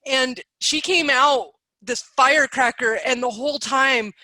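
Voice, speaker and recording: A woman's voice: high voice, a little slow, pushed and bright, no echo, poor audio. A woman in her thirties hosting a podcast, talking in an emotional, spiritual, chatty way. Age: 30s. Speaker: podcast host. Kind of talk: casual interview chat.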